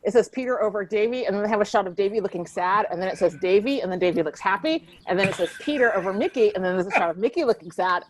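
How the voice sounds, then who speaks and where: A woman's voice: mid-range voice, noisy background. A woman hosting a podcast, chatting casually and rambling about a TV episode with lots of fillers and giggles. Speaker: podcast host.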